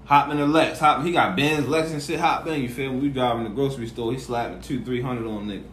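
A man's voice: mid-range voice, fast talker. A man hosting a casual podcast, telling stories and acting out quotes. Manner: animated storyteller, acts out quotes. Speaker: podcast host. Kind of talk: casual chat. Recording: echoey room, faint noise.

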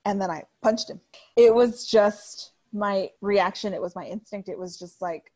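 A woman in her thirties co-hosting a casual chat, blunt and animated as she tells stories, swearing freely. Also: medium pitch, unhurried. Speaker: podcast co-host.

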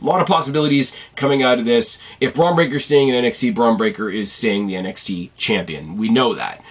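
A man's voice: mid-range voice, a little fast. A tired young man hosting his own channel, rambling through casual wrestling commentary and swearing freely. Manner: rambling, profane and animated. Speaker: wrestling video host.

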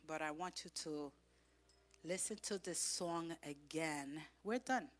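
A woman pastor preaching a sermon in church, swinging from loud, impassioned exhortation to soft, intimate speech. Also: low voice, takes it slowly.

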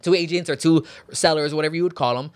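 Guy in his 30s on a podcast, kinda high voice, laughing and cussing through his stories, dry close mic. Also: quick pace, no echo. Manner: animated storytelling, swearing, laughs often. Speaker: podcast guest, entrepreneur. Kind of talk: casual chat.

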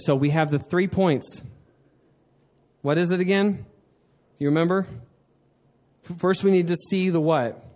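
A man's voice: fairly high pitch, a little mellow. A young man preaching a sermon as pastor, conversational and self-deprecating, asking the congregation questions and joking.

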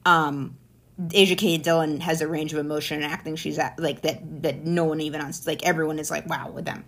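A woman comedian in her thirties, from Maine, with a somewhat low voice, chatting casually on a podcast. She rambles through stories with plenty of swearing and animated, self-interrupting asides. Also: fairly quick. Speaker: stand-up comedian.

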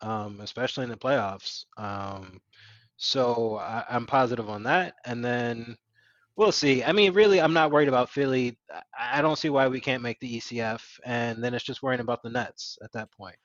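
A man's voice: mid-range voice, normal speed, a bit bright, no room sound, lo-fi sound. A man co-hosting a casual sports podcast, speaking hesitantly with many fillers. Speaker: podcast co-host.

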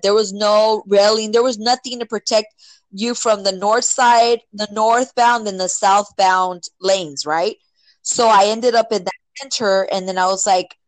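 A woman casually telling a personal story, filling it with "like" and "right?" and acting out quotes with sudden jumps in pitch. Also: no echo, poor audio. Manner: filler-heavy, many "like" and "right?".

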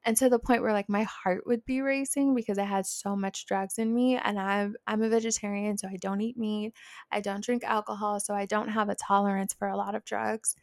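A woman's voice: medium pitch, fairly quick, no echo. A woman in her twenties telling a personal story in a casual, chatty way, full of "like" fillers. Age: 20s. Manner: chatty, animated, lots of "like" fillers. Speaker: vlogger.

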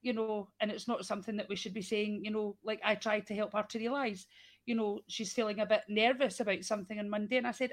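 Woman, candid personal chat, filler-heavy casual speech, medium pitch. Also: flat delivery, fast. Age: adult with an eight-year-old daughter. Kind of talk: casual conversation.

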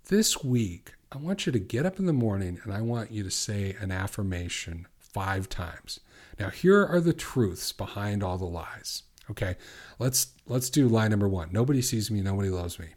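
Earnest low-voiced male coach. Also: animated, a little mellow. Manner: earnest, questioning, slows down for affirmations. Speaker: podcast host, recovery coach. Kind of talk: coaching monologue.

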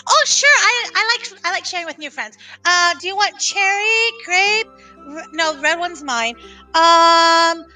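A woman's voice: very high-pitched, a little slow, pushed and bright, distant mic, soft background music, heavily acted. A woman voicing a small, chatty girl adventurer who stumbles over her words, a bit away from the mic. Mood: sweet.

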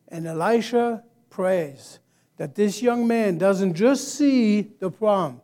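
A man with a notably high voice preaches a sermon in a church service, taking his time over each phrase. He leads the congregation in call-and-response and swells into loud, rousing exclamations. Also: a little slow.

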